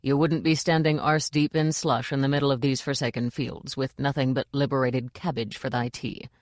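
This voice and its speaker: A woman's voice: very deep voice, steady tone, normal speed, dry recording, studio quality. A woman narrator voicing a jovial, theatrical male actor-manager with a hearty manner.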